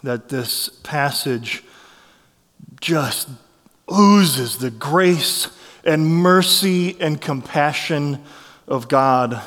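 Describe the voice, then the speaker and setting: A man preaching a sermon as a pastor, telling stories in a conversational, animated way with restarts. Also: on the high side, extremely slow, big-room sound.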